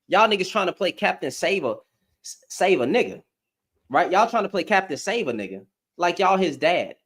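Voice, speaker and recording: A man's voice: high voice, fairly bright tone, breathy edge. A man giving a blunt, profane opinion rant to camera, firing off rhetorical questions as a commentary vlogger.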